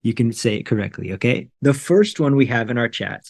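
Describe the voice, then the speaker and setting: An American man hosts an interview with a medium-pitched voice. He talks in a clear, encouraging, teacherly way and carefully models how words are pronounced. He sounds like he is on a casual video call. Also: lively intonation, brisk. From United States. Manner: friendly and encouraging, models pronunciation. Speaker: interview host, English teacher.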